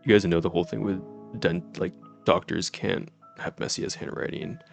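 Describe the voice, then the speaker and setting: A man's voice: sits low, steady tone, normal speed, vocal fry, faint music behind. A young man in his twenties chatting casually on a live stream, giddy and laughing often, swearing freely. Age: 20s.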